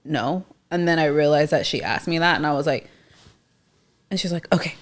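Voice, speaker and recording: A woman in her thirties co-hosting a podcast, telling a story in an expressive, casual way. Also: low voice, normal speed. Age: 30s. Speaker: podcast co-host. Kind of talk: casual chat.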